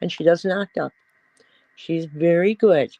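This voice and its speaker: A woman's voice: lowish voice, a little slow, mellow, no room sound, dull audio. A middle-aged woman hosting a casual livestream, chatting in a rambling way and cooing at her pets. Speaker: livestream host.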